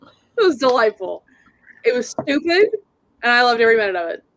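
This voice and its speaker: A woman's voice: fairly high pitch, big pitch swings, brisk, a bit bright. Amused woman chatting on a video call. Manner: amused, playful. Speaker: co-host of a book reading livestream. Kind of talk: casual chat.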